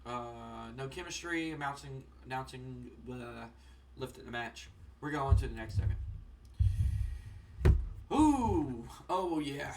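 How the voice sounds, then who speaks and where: A young man casually commenting on a wrestling management game, rambling with lots of fillers and getting excited. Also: medium pitch, takes it slowly, far from the mic, a little hiss or hum. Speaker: gaming channel host. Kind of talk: casual let's-play commentary.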